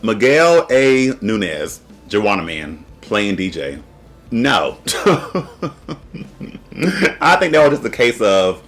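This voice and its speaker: Male host, low register with a swinging, lively delivery, chatty and blunt, laughs a lot. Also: slow pace, soft background music. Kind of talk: casual review commentary.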